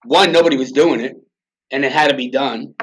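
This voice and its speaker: A man's voice: medium pitch, a little fast, fairly bright tone, slightly rough. A middle-aged man from the United States, a podcast guest telling a personal story in a blunt, profane, emotional way. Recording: dull lo-fi sound.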